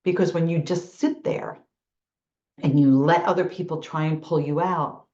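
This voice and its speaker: A woman's voice: sits low, normal speed, dark tone. A middle-aged woman from New York with a New York accent, giving a motivational talk and acting out quoted thoughts as she tells stories. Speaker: motivational speaker. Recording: echoey room, dull lo-fi sound.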